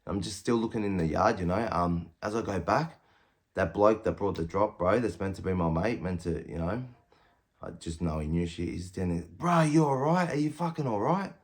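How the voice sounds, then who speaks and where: A man's voice: low voice, moderate pace. A man in his thirties with an Australian accent, telling a prison story bluntly, swearing constantly and acting out what people said. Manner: blunt, heavy swearing, quotes himself and others in raised voices. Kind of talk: casual storytelling.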